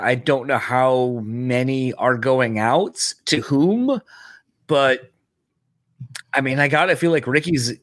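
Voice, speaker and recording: A man's voice: mid-range voice, a bit bright, no room sound. Casual swearing podcast co-host, a man. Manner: loose, swearing, many fillers. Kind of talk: casual chat.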